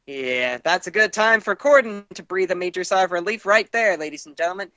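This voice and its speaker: A man's voice: high-pitched, lively intonation, fairly quick, sharp tone, no echo, dull audio. A man co-hosting an online news show, reading news items and adding wry quips, calling in over the internet. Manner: wry, reads news copy then jokes about it. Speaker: co-host, entertainment reporter. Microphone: internet call.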